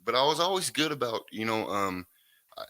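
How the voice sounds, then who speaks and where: A man's voice: mid-range voice, big pitch swings, brisk, pushed and bright, no room sound. A man, talking in a laid-back, rambling way as a guest recounting his recovery story. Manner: laid-back, rambling, lots of "you know what I mean". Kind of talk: casual interview chat.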